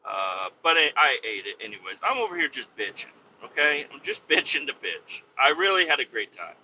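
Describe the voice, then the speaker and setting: A man's voice: medium pitch, sing-song, fairly quick, bright, forceful tone. A man telling a rambling story in a casual, exasperated way, swearing freely. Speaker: podcast host. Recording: dull, slightly lo-fi sound with faint noise.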